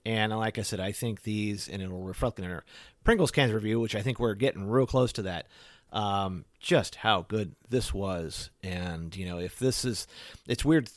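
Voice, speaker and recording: A low-pitched man hosts a casual podcast chat. He rambles in loose sentences packed with "you know" fillers, and his voice sounds dry and close to the mic. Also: normal speed, no room sound. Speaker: podcast host.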